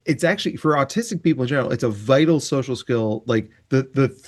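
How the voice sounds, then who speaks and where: A man hosting a podcast, chatting and explaining ideas in an animated way. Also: medium pitch, quick pace. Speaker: podcast host. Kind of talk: casual podcast chat.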